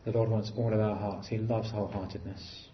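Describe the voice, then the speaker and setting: A man preaching a sermon in an earnest way, rising to emphatic lines and dropping to quiet, low phrases. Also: little pitch movement, brisk, highs cut off, slight background noise.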